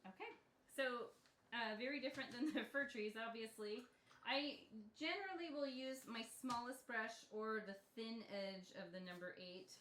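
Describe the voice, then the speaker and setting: A woman's voice: fairly high pitch, moderate pace, a bit bright, a little hiss or hum. A woman teaching a step-by-step painting lesson in a casual, chatty way, laughing often. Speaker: painting instructor. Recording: echoey room.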